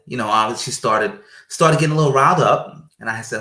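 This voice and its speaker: A man, a guest, telling a personal story in a lively, chatty way, laughing and repeating phrases. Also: mid-range voice, brisk, hardly any pauses, roomy sound. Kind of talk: anecdotal storytelling.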